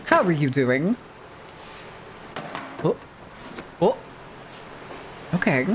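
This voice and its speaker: A woman streaming as a VTuber, talking in a loose, rambling way and cursing casually. Her voice sits fairly low, but her pitch swings widely as she reacts. She keeps the chat going with lots of "like"s. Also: extremely slow, slight background noise. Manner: rambling, animated, swears freely, many "like" fillers.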